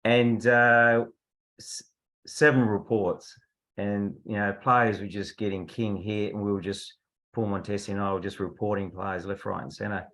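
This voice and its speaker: A man's voice: lowish voice, fairly even intonation, a little slow, fairly bright tone. A man, a veteran football umpire, telling anecdotes casually on a video call. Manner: chatty anecdotal storyteller, laughs at his own stories.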